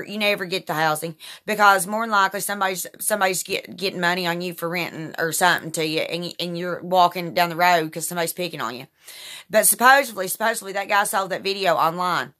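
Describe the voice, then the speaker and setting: A woman talks straight to camera, repeating herself as she rambles through an indignant account. Her voice is bright and forward. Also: mid-range voice. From Kentucky, USA. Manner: rambling, repetitive, indignant storytelling. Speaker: vlogger. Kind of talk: casual monologue to camera.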